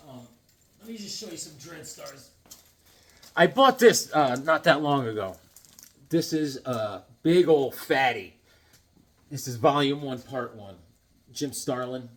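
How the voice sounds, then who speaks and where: A man's voice: medium pitch, lively intonation, unhurried, long pauses, fairly bright tone. A man casually showing his comic books, rambling and joking with many restarts and silly asides. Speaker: comic book vlogger. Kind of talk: casual show-and-tell chat.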